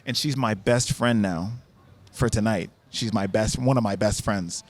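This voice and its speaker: A man from the United States casually telling a travel story, with many swings between low, quiet asides and high, excited bursts. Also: measured pace. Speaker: vlogger recounting a trip.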